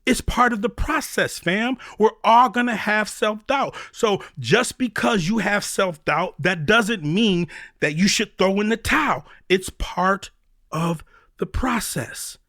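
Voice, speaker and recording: A man's voice: high voice, slow pace, no room sound, clean studio sound. A man hosting a motivational talk show, preaching with faith references and acting out the voices of doubters. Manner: preachy, animated, acts out voices of critics. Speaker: podcast host.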